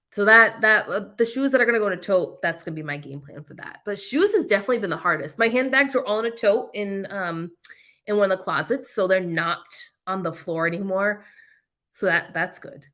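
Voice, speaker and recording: A woman's voice: medium pitch, fairly bright tone. A woman hosting a casual reseller livestream, chatting and laughing often with frequent ums as she reads viewer comments. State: coughing, eyes watering. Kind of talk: casual live chat reading viewer comments.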